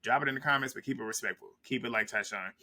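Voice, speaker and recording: A man's voice: medium pitch, racing, pushed and bright. A man, recapping a reality show in casual, blunt, trash-talking commentary.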